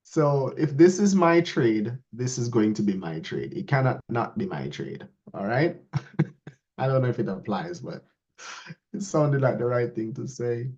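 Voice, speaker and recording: A trading instructor with a mid-range voice teaches a live lesson at an unhurried pace, speaking directly and lively to his students. He acts out their questions, quoting the askers in a raised voice. The audio is dull and lo-fi.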